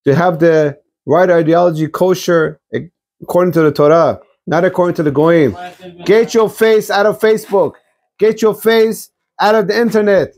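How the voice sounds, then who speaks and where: Brief: male rabbi giving a weekly sermon, forceful, preachy, slightly high-pitched. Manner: exhortative, blunt, preachy.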